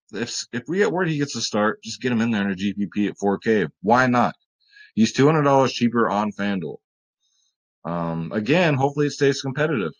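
Regular-pitched guy rambling thru his fantasy picks, jokey, calls everyone guys. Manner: rambling, joking, addresses viewers as guys. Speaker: fantasy sports vlogger. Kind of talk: casual sports betting picks talk.

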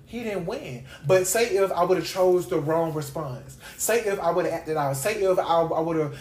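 A man's voice: on the high side, normal speed, darkish tone. Man preaching casually in a roomy space. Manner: repeats phrases for emphasis; conversational, with slangy asides. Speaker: podcast host and Bible teacher. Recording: roomy echo.

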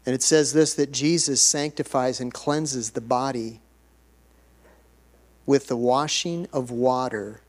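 A man's voice: mid-range voice, fairly even intonation, slow pace. A man pastor preaching a sermon, moving between conversational asides and bursts of emphatic delivery.

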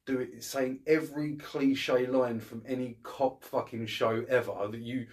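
A man's voice: medium pitch, steady tone, unhurried. A man co-hosting a casual film review podcast, ranting bluntly and swearing often. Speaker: podcast co-host.

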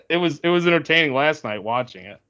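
A man's voice: on the high side, expressive, brisk, sharp tone. Rambling man in casual sports talk. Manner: rambling, many fillers and restarts. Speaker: podcast co-host.

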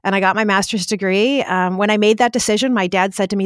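A woman in her forties tells her life story to an interviewer in a lively, conversational way, full of "like" and quick asides. Her voice sits at a middle pitch, and the sound is close and dry, with no room around it. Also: smooth, no echo. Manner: animated, vivid storyteller with frequent "like" fillers.

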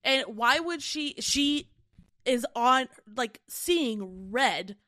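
A woman co-hosting a book club podcast, reacting in casual chat with quick, fragmented asides and laughter. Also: high-pitched, animated, pushed and bright, no echo, studio quality.

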